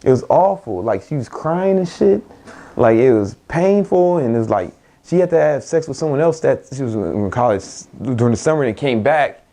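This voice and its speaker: A man's voice: mid-range voice, animated, moderate pace, dark tone. A young man, an entrepreneur, giving a blunt, profane motivational talk with frequent laughs and restarts.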